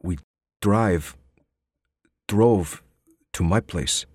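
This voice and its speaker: A man's voice: low-pitched, very slow, a little mellow, husky, dry recording, clean studio sound, heavily acted. A man voicing a cagey young suspect. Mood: guarded. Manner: terse, hesitant answers. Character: defensive, cagey young man under questioning. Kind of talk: audiobook character voice.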